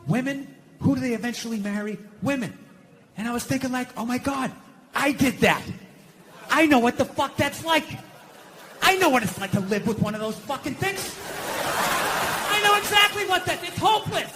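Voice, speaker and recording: A man doing a stand-up comedy routine, ranting with profanity in an exasperated, animated way. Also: very high voice, moderate pace, long pauses, a little hiss or hum.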